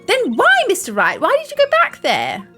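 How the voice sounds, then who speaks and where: A woman's voice: extremely high pitch, wildly swooping pitch, moderate pace, a bit bright, faint music behind, voice pushed up, exaggerated voice. A woman voicing a confident young female lawyer, pressing questions in a raised voice.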